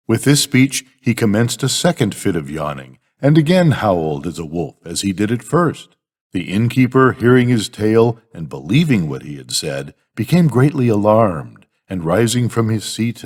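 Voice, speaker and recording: An older man, a grandfather, reading fables as a bedtime story in a measured, expressive way. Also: lowish voice, long reverb tail.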